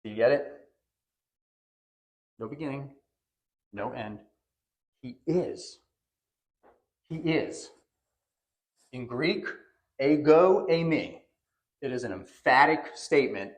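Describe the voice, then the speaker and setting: A man preaching from a church pulpit, his voice sitting at an ordinary middle pitch. He talks to the congregation in a conversational way, then presses each point by repeating it for emphasis. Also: expressive, slow pace, pauses often. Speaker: pastor. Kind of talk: sermon. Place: church sanctuary.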